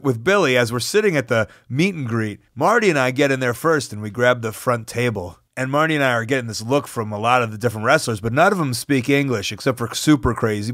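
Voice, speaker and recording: A man hosting a podcast, telling stories in an animated, casual way, swearing and acting out quotes, and interviewing guests. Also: medium pitch, no echo, studio quality. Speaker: podcast host. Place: podcast recording and travel audio.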